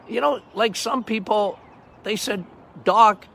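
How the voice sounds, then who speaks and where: Older male doctor-host, loud and emphatic, slightly higher-pitched, off-the-cuff monologue. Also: lively intonation, moderate pace, a little hiss or hum. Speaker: health podcast host, doctor. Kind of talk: casual monologue.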